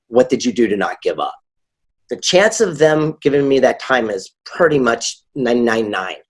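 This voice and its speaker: Husky storytelling man, animated. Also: medium pitch. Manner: animated, acts out quoted dialogue. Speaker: author and keynote speaker, guest. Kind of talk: casual interview storytelling.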